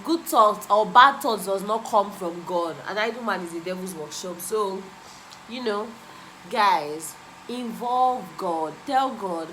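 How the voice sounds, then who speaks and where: Bright-voiced woman preaching self-help. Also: medium pitch, slow, slight background noise, poor audio. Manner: emphatic and repetitive, preaching. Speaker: vlogger. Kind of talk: motivational self-help talk.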